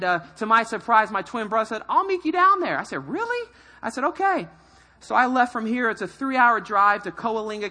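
A middle-aged man from California, a pastor telling his life story in a sermon, animated and self-mocking, acting out quoted voices. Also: high voice. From California, USA. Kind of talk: sermon testimony.

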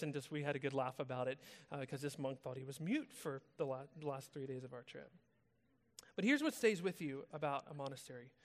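High-voiced American man preaching in a hall. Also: a bit bright. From United States. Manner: casual storytelling, conversational. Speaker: pastor. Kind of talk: sermon. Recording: long reverb of a large hall.

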